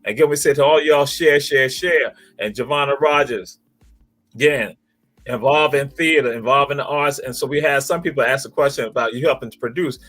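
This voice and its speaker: A man's voice: mid-range voice, a little fast, a bit bright. A man hosting a talk show, speaking in a preacherly way and repeating phrases for emphasis. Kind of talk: spirited talk show monologue.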